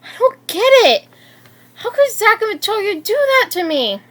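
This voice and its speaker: A woman's voice: very high-pitched, very animated, moderate pace, fairly bright tone, voice pushed up, full character voice. A woman reading aloud and voicing a hurt, angry teenage schoolgirl who sounds shaken and bitter.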